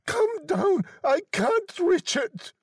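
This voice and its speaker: A man voicing a frantic, grieving old woman who cries out in shrill, pleading bursts. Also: big pitch swings, takes it slowly, no room sound, studio quality, heavily acted.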